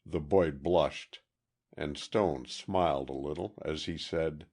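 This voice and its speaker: A man narrating a mystery audiobook in a deliberate, expressive reading. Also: extremely low pitch. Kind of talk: scripted narration.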